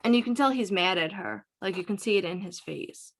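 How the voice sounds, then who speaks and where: A woman's voice: mid-range voice, brisk. A woman reading a graphic novel passage aloud and explaining it. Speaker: reader presenting a book.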